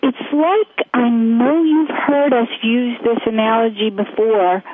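A woman co-hosting a call-in advice show, talking gently and searching for her words as she goes. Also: a little high, steady tone, takes it slowly, no room sound. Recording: phone-line audio.

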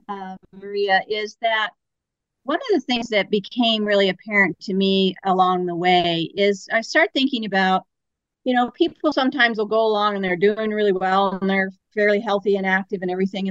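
A woman guest, an expert on active aging, explains her ideas earnestly in a conversational interview, building each point through a series of questions. Her voice is medium-pitched and a little fast, and the recording is dry, slightly dull lo-fi audio.

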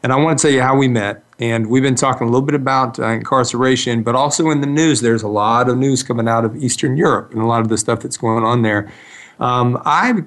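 A man hosting a talk radio show. He tells a story in a casual, rambling way, restarting his sentences as he goes. His voice sits at an ordinary middle pitch. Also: fast, a bit bright.

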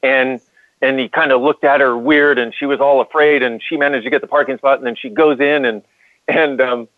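A man's voice: medium pitch, no room sound, narrow, tinny audio. Man, earnest call-in co-host, restarts his sentences a lot, thin phone sound, dead dry. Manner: earnest storytelling with many restarts. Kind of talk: call-in radio talk.

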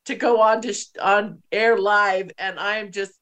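A woman's voice: medium pitch, steady tone, measured pace, a bit bright. Emotional woman host telling a story. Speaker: podcast host. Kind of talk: casual conversation.

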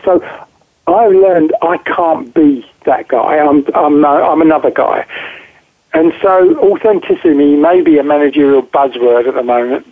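A man interviewed as a guest over the phone, talking directly and emphatically and often repeating words as he thinks. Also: a little high. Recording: tinny phone line.

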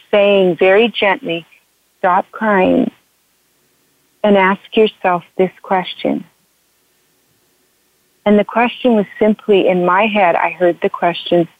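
A woman with a mid-range voice, an author and couples counselor, tells her story in an interview over a dry, tinny phone line with no room sound. She is earnest and emotional and often repeats herself.

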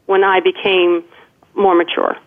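A woman's voice: lowish voice, little pitch movement, a little slow. A woman in her forties, calling in as a guest, telling a personal story earnestly, with frequent restarts and "you know". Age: 40s. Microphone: phone call. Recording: tinny phone line.

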